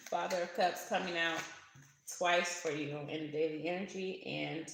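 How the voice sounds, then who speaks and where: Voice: medium pitch, fairly even intonation, unhurried, gravelly, fairly bright tone, a little hiss or hum. A tarot reader giving a casual reading to camera, chatty, laughing often and swearing now and then. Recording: very echoey room.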